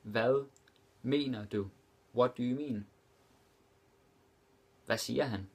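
A young man teaching a language lesson, repeating example phrases slowly and explaining them casually. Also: mid-range voice, fairly even intonation, husky.

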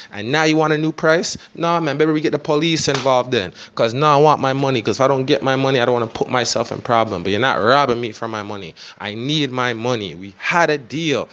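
A photographer records a heated voice note, repeating himself and pleading. His pitch is mid-range for a man. The sound is muffled and lo-fi. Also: fairly bright tone. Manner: insistent and repetitive, pleading.

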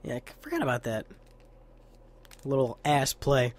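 A man's voice: medium pitch, wildly swooping pitch, normal speed, no room sound. Giggly joking let's play guy. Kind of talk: casual gameplay commentary.

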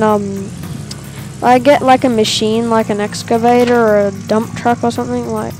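A fairly high-voiced woman chatting casually while she plays a game. She rambles and fills her sentences with "um" and "like". Clear game music plays behind her. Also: flat delivery, moderate pace. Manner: rambling, with many fillers. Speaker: gamer. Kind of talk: casual gameplay commentary.

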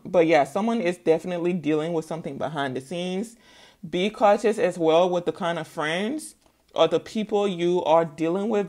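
A woman with a fairly low voice gives a tarot reading in a loose, conversational way. She lectures her listeners bluntly, dropping frequent "okay?" check-ins. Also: darkish tone. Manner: blunt, preachy, peppered with "okay?". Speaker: tarot reader. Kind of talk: casual spoken tarot reading.

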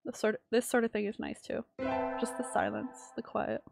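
Gravelly-voiced woman streamer reading aloud. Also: on the high side, moderate pace, faint music behind. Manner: reads game text aloud, breaks into excited exclamations. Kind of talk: reading a visual novel aloud with live reactions.

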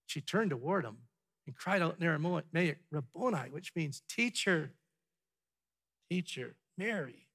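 Bright-voiced male preacher, rising and falling. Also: on the high side, lively intonation, unhurried, husky. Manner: dramatic, drops to a hushed tone for emphasis, then builds up; asks the congregation rhetorical questions. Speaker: pastor. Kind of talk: sermon. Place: church sanctuary.

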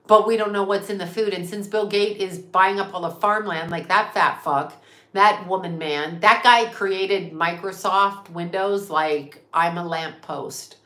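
A woman's voice: fairly low pitch, unhurried, sharp tone. A woman hosting a casual talk stream, ranting emphatically with profanity and rhetorical questions. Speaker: psychic medium and channel host. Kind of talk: casual livestream rant. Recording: roomy echo.

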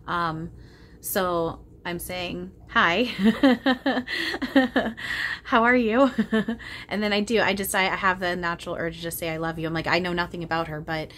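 A woman channeling spirits aloud in a soft, hesitant way, with frequent ums and casual swearing. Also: lowish voice, flat delivery, a little fast, a little hiss or hum.

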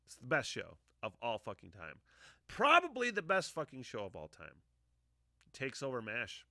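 A man in his forties rants on his own podcast in a loose, rambling way. His voice is bright and forceful, recorded close and dry. He swears freely and lets out heavy sighs between thoughts. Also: medium pitch, huge pitch swings, measured pace, long pauses, no echo. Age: 40s. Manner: profane, emotional, sighing often. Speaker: podcast host. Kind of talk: casual rambling monologue.

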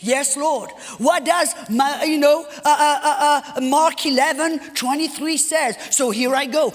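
A high-pitched woman delivers a sermon, retelling personal stories with animated energy and acting out the conversations. Her voice rings with long reverb in a large church hall. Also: moderate pace. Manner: animated, acts out dialogue, repeats phrases. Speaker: guest speaker.

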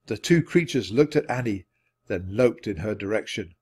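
A man narrating a children's audiobook in an expressive reading voice. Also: normal speed, breathy edge. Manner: expressive, varied pitch. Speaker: audiobook reader.

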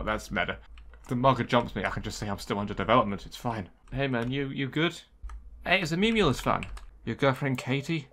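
A man's voice: mid-range voice, pushed and bright. A man streaming a game, joking and reading the on-screen text aloud with sarcastic asides. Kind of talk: game commentary.

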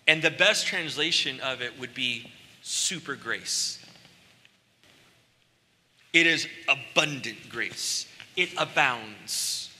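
A man preaching a sermon as pastor, conversational, drawing out key words slowly and building to emphatic peaks. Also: medium pitch, bright, forceful tone, slight background noise. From United States. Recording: church hall with long reverb.

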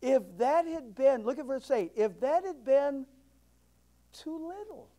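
High-voiced preacher man, emphatic. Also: lively intonation, unhurried. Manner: emphatic preaching, swings between loud declarations and hushed asides. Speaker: pastor. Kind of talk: sermon.

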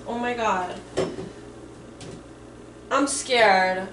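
A woman around thirty vlogs casually from her home kitchen in a slightly high, pushed, bright voice, speaking a little slowly. She sounds nervous, swears freely, and says "like" a lot. The room is echoey, the mic some distance away, with slight background noise.

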